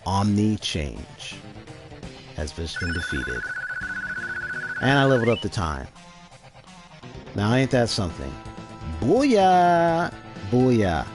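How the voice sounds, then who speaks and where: A man's voice: deep voice, slow pace, pauses often, over music. A man streaming live gameplay, commenting animatedly and reading the chat aloud. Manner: animated, reads game dialogue and chat aloud. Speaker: gaming streamer.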